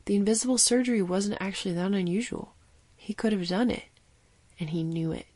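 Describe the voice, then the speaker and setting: A woman giving steady, vivid scripted narration of a fiction story. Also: medium pitch, brisk, no room sound.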